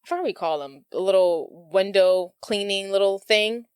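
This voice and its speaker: A woman's voice: mid-range voice, moderate pace, smooth, dry recording. Woman chatting on a podcast, retelling a movie plot, doing little voices for the characters, dry close sound. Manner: animated retelling, acting out characters' lines. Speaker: podcast co-host. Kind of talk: casual movie recap chat.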